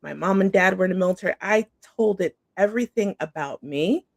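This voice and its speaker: A middle-aged woman chats as a guest coach, bubbly and easygoing, sprinkling her talk with "like" and "awesome." Her voice has a gravelly fry to it. The sound is dry and close, with no room around it. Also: mid-range voice, brisk, dry recording. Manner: bubbly, says "like" and "awesome" a lot. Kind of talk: casual interview chat.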